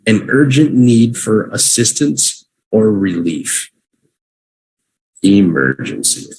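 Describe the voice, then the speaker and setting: A man teaching English vocabulary on a livestream, repeating each word slowly for learners to say with him. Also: on the low side, animated, slightly rough. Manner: slow, drawn-out repetition for learners.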